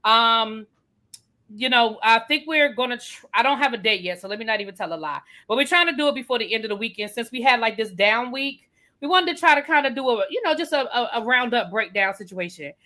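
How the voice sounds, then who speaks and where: A woman's voice: a little high, lively intonation, a little fast, pushed and bright. A woman co-hosting a soap opera recap livestream, chatty and emphatic, often repeating herself for effect. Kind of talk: casual livestream chat.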